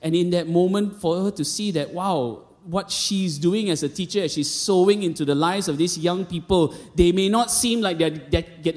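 A man in his thirties with a Malaysian English accent, a pastor preaching a sermon and telling stories with quoted voices and casual asides. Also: on the high side. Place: church auditorium. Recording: long reverb of a large hall.

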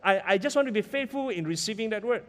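A middle-aged man preaching a sermon as pastor, animated and peppering his talk with "all right?" and "ah". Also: high voice, quick pace. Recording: long hall reverb.

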